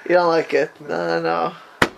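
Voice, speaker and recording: Man leading a Torah class, high-pitched, animated, faint hiss behind, Hebrew terms in his English. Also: unhurried, vocal fry. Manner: animated, rising to high emphatic questions. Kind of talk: informal Talmud class with students.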